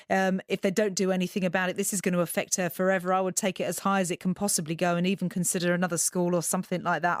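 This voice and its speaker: A woman's voice: on the low side, dry recording. A woman hosting a radio phone-in, sympathetic and indignant in tone, on a close studio microphone. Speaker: radio host. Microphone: close studio mic.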